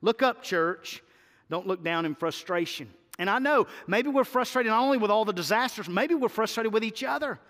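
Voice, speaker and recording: A man's voice: high voice, expressive, moderate pace, a bit bright, in a large hall. A middle-aged man preaching a sermon as pastor, with repetition and swelling emphasis.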